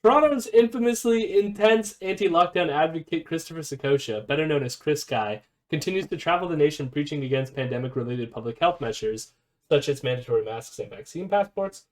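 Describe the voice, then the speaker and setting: A man's voice: mid-range voice, lively intonation, a little fast. A man hosting a casual live stream, reading an article aloud and commenting with fillers and self-corrections. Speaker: streamer host.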